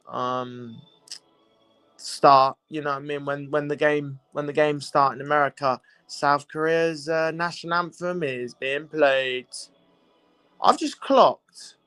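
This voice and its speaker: A young man with a fairly high, slightly bright voice that's clear and resonant hosts a live football watchalong stream. The recording is dry. His casual commentary chat includes repeating himself and greeting viewers.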